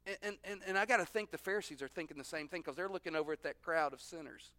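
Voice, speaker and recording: A man with a high, bright, crisp voice preaching a sermon. He talks conversationally and slips into the voices of the people in the story as he goes. The sound is dry and close. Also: fast, hardly any pauses, no echo. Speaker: pastor.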